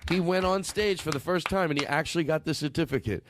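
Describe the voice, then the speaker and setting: A man's voice: on the high side, quick pace, background noise. A middle-aged man hosting a comedy podcast with guests, joking loosely, swearing, and running mock-serious bits. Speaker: podcast host.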